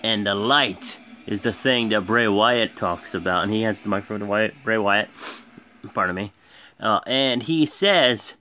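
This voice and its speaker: A man casually and excitably recapping a wrestling show for his viewers. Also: on the low side, unhurried. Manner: excitable, animated retelling. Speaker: video host.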